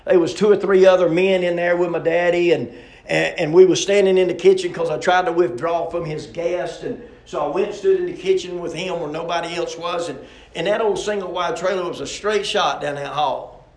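A man's voice: high-pitched, fairly even intonation, fairly quick, a little mellow, reverberant. Man preaching a heartfelt sermon. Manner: repetitive, emphatic preaching cadence. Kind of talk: sermon with personal story.

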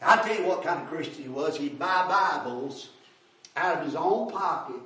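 An older man, preaching a folksy testimony sermon in a church, storytelling that rises to shouts. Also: fairly high pitch, animated, normal speed. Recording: echoey hall, far from mic.

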